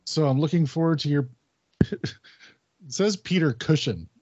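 A man's voice: fairly high pitch, a little slow, mellow, no room sound. A man co-hosting a podcast, telling a story casually, swearing and acting out his friend's lines. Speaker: podcast co-host. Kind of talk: casual chat. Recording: dull lo-fi podcast audio.

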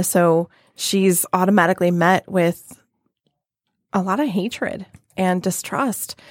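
Woman podcast co-host, lowish voice, loose rambly chat, dry close sound. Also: no echo. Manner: rambling, many fillers and restarts. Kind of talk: casual chat.

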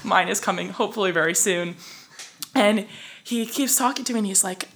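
A woman's voice: mid-range voice, a little fast. A woman guest on a podcast, telling a story in a casual way, full of "like" fillers, acting out both sides of the talk. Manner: animated, acts out both sides with many "like" fillers.

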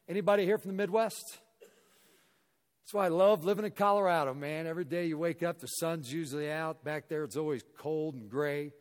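A middle-aged man from Missouri giving a motivational talk to a hall audience, telling an animated story and acting out the dialogue. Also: a little high, normal speed. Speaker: guest speaker. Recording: echoey hall reverb.

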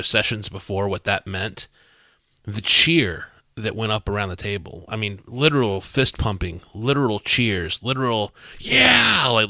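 A man with a bright, forceful voice and a fairly low pitch, talking as game master in a podcast chat. He tells the story in an animated way, restarts often and acts out the lines of the people in it. The sound is dry and close to the mic. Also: no room sound. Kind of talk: podcast discussion.

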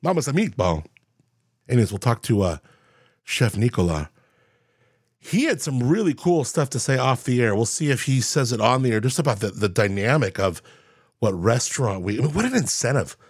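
A man with a husky, medium-pitched voice hosts a casual morning radio show, speaking briskly in a sing-song way. He's playful and self-mocking, tossing off jokey asides, and the studio sound is clean with no echo.

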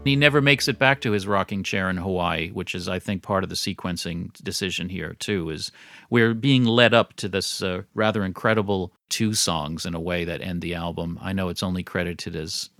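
A man's voice: deep voice, moderate pace, a bit bright, no echo, clean studio sound. A man co-hosting a podcast, chatting casually and thoughtfully about an album's songs. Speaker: podcast co-host. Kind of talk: casual music discussion.

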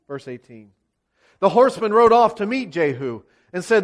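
A man's voice: high voice, big pitch swings, normal speed. A male preacher delivering a sermon, retelling scripture as vivid, dramatic storytelling. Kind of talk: expository sermon.

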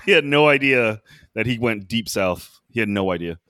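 A man co-hosting a podcast in casual chat, telling stories in an animated way and laughing often. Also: fairly low pitch, moderate pace, no room sound, studio quality. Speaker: podcast co-host.

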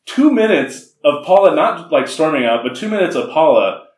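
A man's voice: on the high side, moderate pace. A man tells a movie's plot to his co-host with lots of laughter and bits of put-on dialogue. His voice rises and falls a great deal. He sounds a little distant from the mic, in an echoey room. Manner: animated, laughing, acts out characters' lines. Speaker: podcast co-host. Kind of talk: casual movie recap chat.

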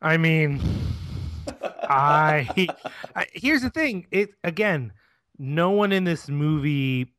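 A man co-hosting a casual movie review podcast, halting and searching for words. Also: fairly high pitch, a bit bright, dry recording. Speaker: podcast co-host.

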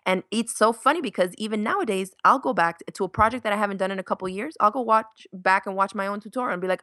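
A chatty woman in her thirties tells stories as a podcast guest, slipping into quoted voices with a laugh. Her voice sits at a middle pitch and sounds close and dry. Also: lively intonation, quick pace, bright, forceful tone, dry recording. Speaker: podcast guest, sewing YouTuber. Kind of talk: casual interview chat.

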